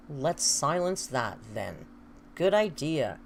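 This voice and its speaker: Chatty woman with a lively, lowish voice. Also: moderate pace, slight background noise. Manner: chatty, laughs often, reads viewer comments aloud. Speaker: live streamer reading chat. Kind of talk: casual live-stream chat.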